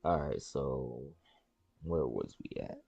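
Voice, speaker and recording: A man on a live stream reading the Bible aloud and explaining it in casual slang, repeating words and jumping into high excited voices for the characters. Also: takes it slowly, gravelly, slightly rough, dry recording, muffled recording, faint music behind. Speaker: stream host reading scripture.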